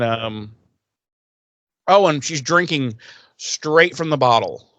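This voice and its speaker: A man co-hosting a podcast, casually retelling an episode with quick acted-out quotes and swearing. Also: mid-range voice, fairly bright tone, no room sound, highs cut off. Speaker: podcast co-host. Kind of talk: casual episode recap chat.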